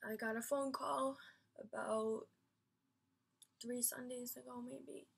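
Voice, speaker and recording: A woman speaking straight to her audience in a rambling, emphatic vlog story, circling back with fillers and dropping swear words freely. Her voice sits a little high, with a gravelly, husky edge. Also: fairly even intonation, slow pace. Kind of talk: personal storytelling rant.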